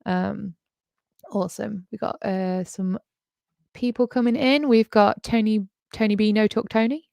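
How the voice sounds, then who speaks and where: A woman's voice: mid-range voice, measured pace, gravelly, darkish tone, no echo. A woman hosting a casual reaction livestream, chatty and upbeat with frequent ums and laughs. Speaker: livestream host.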